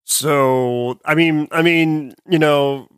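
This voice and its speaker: A man's voice: on the high side, steady tone, slow, clean tone, no echo, studio quality. A young man co-hosting a casual chat, rambling and joking as he tells stories and swears freely. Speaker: podcast co-host.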